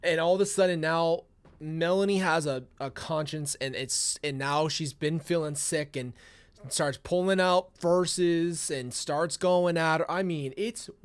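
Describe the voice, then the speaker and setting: A man's voice: on the high side, a little slow, smooth. A man hosting reaction commentary, ranting in a blunt, exasperated way with swearing. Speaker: commentary host.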